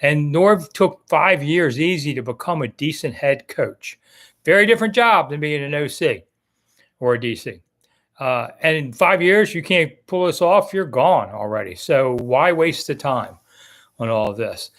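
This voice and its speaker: A man's voice: fairly high pitch, expressive, a little slow, fairly bright tone. A middle-aged man hosting a casual live stream, chatting in a rambling, self-deprecating way about football coaching news. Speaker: sports talk show host.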